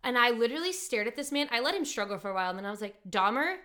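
Bright, chatty woman telling a story. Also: fairly high pitch, rapid-fire. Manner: animated, lots of "like" and quoting. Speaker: podcast host. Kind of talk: casual storytelling chat.

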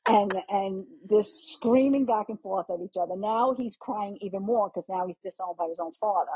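Husky, dark-voiced woman telling a family story. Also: medium pitch, moderate pace, no echo. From New York. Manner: animated, swears casually, restarts a lot. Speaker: guest host. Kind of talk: casual storytelling chat. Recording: muffled lo-fi podcast audio.

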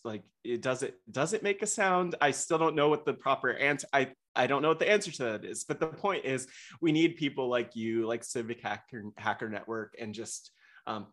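A man's voice: mid-range voice, fairly bright tone. A young man talking as a podcast guest, eager and rambling, with frequent restarts and fillers. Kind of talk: casual interview chat.

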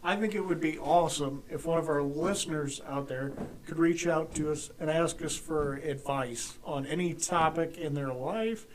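A man co-hosting a podcast who chats casually and drops dry, deadpan jokes. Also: a little high, normal speed, a little hiss or hum, rough recording. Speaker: podcast co-host. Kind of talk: casual chat.

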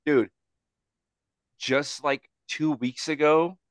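A man's voice: fairly high pitch, fairly even intonation, extremely slow, smooth, no echo, clean studio sound. A man in casual podcast chat, slangy and profane, saying dude and bro constantly. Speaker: podcast guest.

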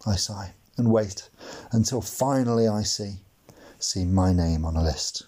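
A man's voice: lowish voice, measured pace, dark tone, slightly rough. A man reading his own humorous memoir aloud for a blogcast, in a wry, mock-dramatic storytelling manner with comic asides. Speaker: blogcast narrator.

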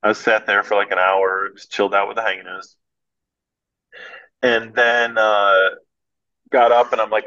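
A man from Michigan telling a story as a podcast guest, animated and laughing, acting out the voices of the people in it. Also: on the low side, measured pace, pauses often, dull audio. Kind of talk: casual storytelling.

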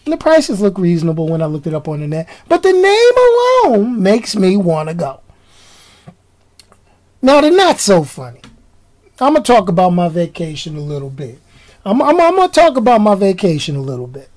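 A woman's voice: on the high side, poor audio. A woman vlogging in a casual rant. She is emphatic, uses slang and repeats her key lines.

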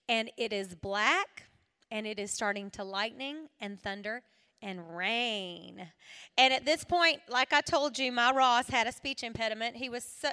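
A middle-aged woman giving a devotional talk to women, telling a story dramatically with shouted peaks and laughter. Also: a little high, clear, resonant tone. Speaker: women's ministry speaker. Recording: long hall reverb.

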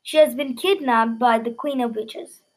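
Loud, hasty, bossy, bumbling storybook king, read by a woman, high-pitched. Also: moderate pace, natural voice. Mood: grave. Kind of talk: reading a children's storybook aloud.

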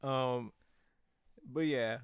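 Podcast co-host, male, mid-pitched and gravelly, retells scenes with laughing asides. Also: very slow, no room sound, clean studio sound. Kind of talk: casual movie discussion.

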